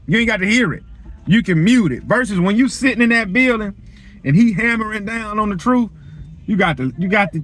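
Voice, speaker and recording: A man talking to camera in a casual, preachy, colloquial way. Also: high-pitched. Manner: animated, preachy, colloquial storytelling. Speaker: vlogger.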